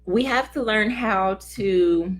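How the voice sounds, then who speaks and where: A woman's voice: medium pitch, slow pace, a little hiss or hum. Earnest woman giving a motivational talk. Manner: earnest, conversational, acts out little quoted voices. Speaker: host of a self-help talk.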